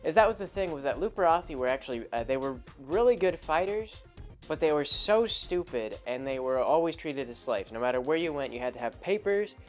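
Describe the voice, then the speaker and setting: A man's voice: on the high side, expressive, a little fast, faint music behind. A man telling a rambling, casual story about a tabletop game, acting out the characters as he goes. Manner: rambling, with many fillers and restarts, acting out characters. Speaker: podcast host telling a story.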